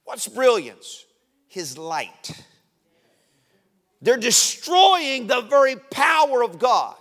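A man preaching a sermon in a church, fervent and often shouting calls to the congregation. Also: very high voice, sing-song, slow, long reverb tail.

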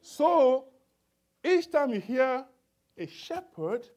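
A man's voice: high-pitched, big pitch swings, a little slow, pauses often, a little mellow. A man preaching a Bible lesson to a congregation in church, emphatic, often checking in with his listeners. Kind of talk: sermon-style Bible teaching.

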